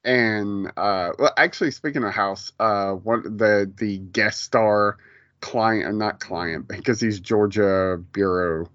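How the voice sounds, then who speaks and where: A man's voice: fairly low pitch, steady tone, slow pace, a bit bright, no echo, highs cut off. A man co-hosting a casual pop culture podcast, rambling with lots of fillers and restarts. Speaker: podcast co-host.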